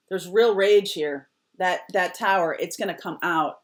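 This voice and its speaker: This woman, a tarot reader, gives a casual reading to camera in a mid-range voice at a moderate pace, with hardly any pauses. She's emphatic and repeats short, firm phrases. At times her voice drops to a near whisper.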